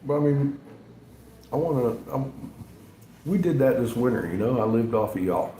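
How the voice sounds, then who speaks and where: A man's voice: medium pitch, animated, moderate pace, dark tone. A man, chatting casually on a livestream, rambling and chuckling often. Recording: echoey room, faint background noise.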